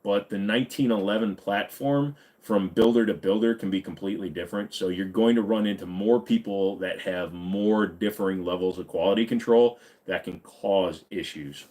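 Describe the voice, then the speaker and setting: A man's voice: lowish voice, moderate pace, hardly any pauses, a little mellow. A man hosting a firearms channel, answering viewer questions in a laid-back, rambling way with casual swearing. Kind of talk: casual livestream Q&A.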